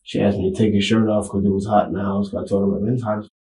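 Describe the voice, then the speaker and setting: A man in a recorded police interview, talking in halting, rambling bursts and often saying "you know what I'm saying". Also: fairly low pitch, flat delivery, dark tone, echoey room, poor audio. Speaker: suspect being interviewed by detectives.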